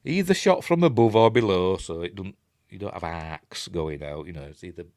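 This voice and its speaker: Watching a film, an older Yorkshire-accented reviewer gives a rambling, conversational commentary and hums the score. His low, slightly mellow voice has lively intonation at normal speed, recorded in clean studio sound without room noise.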